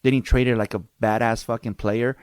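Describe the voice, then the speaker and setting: A man's voice: medium pitch, normal speed, clear, resonant tone, dry recording. A man hosting a podcast, telling stories in casual chat with lots of swearing. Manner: animated, profane storytelling. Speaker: podcast host.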